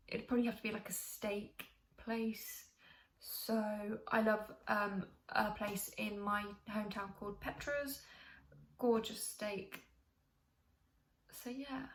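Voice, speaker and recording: A woman's voice: fairly high pitch, gravelly. A young woman from the UK chatting casually to camera as a vlogger, rambling with many ums and restarts. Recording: echoey room, faint hiss.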